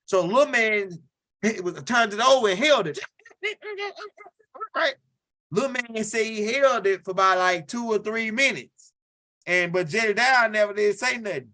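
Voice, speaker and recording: Guy doing casual stand-up, highish voice, rambly, says right? a lot. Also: lively intonation, moderate pace, bright, forceful tone. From Louisiana. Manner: rambling, repeats himself, keeps asking "right?". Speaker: comedian.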